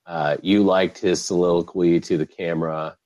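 Low-voiced guy on a podcast, animated, swears a lot, dry sound. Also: moderate pace, dry recording, highs cut off. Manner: animated, swearing, laughs often. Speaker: podcast host. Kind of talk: casual chat.

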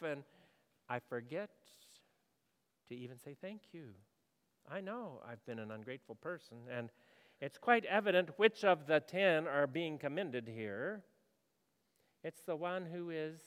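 A male pastor preaching a sermon in a conversational way, asking the congregation questions and moving between loud and hushed delivery. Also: on the high side, smooth, in a large hall.

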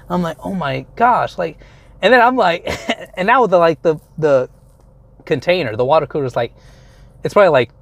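A young man casually retelling a story from his car, rambling, swearing a lot and breaking off mid-sentence. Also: fairly high pitch. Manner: rambling, profane, self-interrupting retelling. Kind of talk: casual storytelling while driving.

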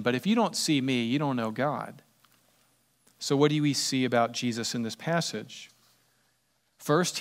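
A middle-aged man preaching a sermon as pastor, animated and acting out quoted voices with sudden loud jumps. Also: fairly high pitch.

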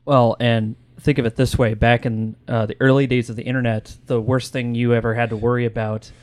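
Regular-voiced dude rambling on a podcast, keeps restarting, dry mic. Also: male voice, mid-range voice, little pitch movement, brisk, a little mellow, no echo. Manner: rambling, repeats words and restarts. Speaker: podcast co-host. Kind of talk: casual podcast chat.

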